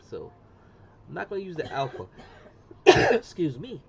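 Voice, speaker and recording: A middle-aged man chatting casually on a live stream as he demonstrates an engraving job, slangy and talkative, often saying "boom". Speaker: livestreamer doing laser engraving. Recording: muffled lo-fi sound with faint room noise.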